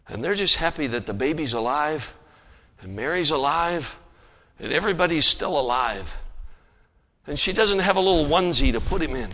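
A man preaching a sermon, telling a story with animated swings between loud emphasis and hushed asides. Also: on the high side. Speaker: pastor. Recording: long hall reverb.

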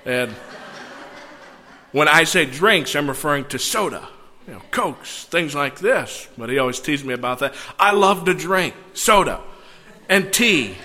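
A man preaching a sermon, reading scripture and breaking into animated, conversational asides. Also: a little high, unhurried. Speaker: pastor. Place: church sanctuary. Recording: long church hall reverb.

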